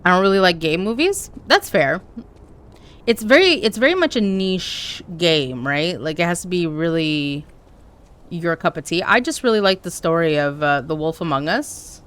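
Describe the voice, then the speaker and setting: A woman's voice: on the low side, lively intonation, moderate pace, a bit bright, smooth. A woman streaming a game live, chatting candidly and jokingly with her viewers as she plays. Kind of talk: casual chat while playing live.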